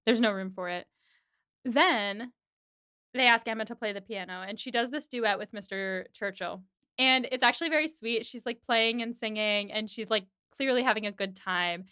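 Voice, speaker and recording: A woman hosting a podcast, recapping an episode in a casual, animated way with quick voiced asides. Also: a little high, clear, resonant tone, no room sound, clean studio sound. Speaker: podcast host.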